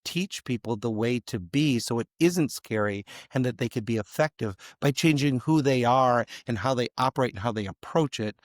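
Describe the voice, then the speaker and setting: A man guest on a podcast, his voice a little raspy today, speaking in a measured, deliberate way. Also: mid-range voice, no room sound, clean studio sound. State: slightly raspy voice. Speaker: guest, educator. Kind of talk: conversational interview.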